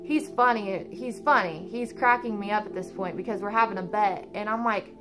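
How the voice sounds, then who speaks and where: Woman telling an animated personal story. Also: fairly high pitch, a little fast, over music. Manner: animated, informal, swears casually, many fillers. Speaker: storyteller of out-of-body experiences.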